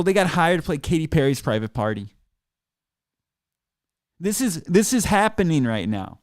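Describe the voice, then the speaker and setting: In a small studio, a male podcast host delivers a profane, sarcastic ranting monologue to his listeners through a desk mic by his computer. The voice is a little high, and there's no echo.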